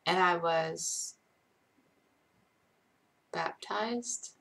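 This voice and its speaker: With a lowish, gravelly voice that is still fairly bright, a young woman talks very slowly as she hosts a casual late-night live Q&A from home. She rambles chattily and keeps making fun of herself.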